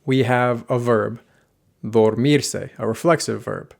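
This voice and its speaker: In a language lesson, a man with a mid-range voice and fairly even intonation explains grammar clearly, step by step. He slows his delivery for example sentences.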